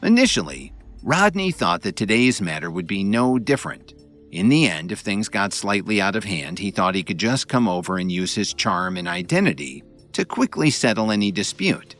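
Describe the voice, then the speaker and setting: A man narrates an audiobook in a lowish voice with very lively, expressive intonation. He tells the story with dramatic flair while faint music plays underneath. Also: moderate pace. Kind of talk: audiobook narration of a web novel.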